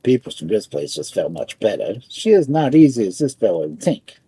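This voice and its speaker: Dark, husky-voiced male storyteller. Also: on the low side, big pitch swings, brisk, dry recording. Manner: broken immigrant English narration. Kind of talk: folk tale reading in immigrant dialect.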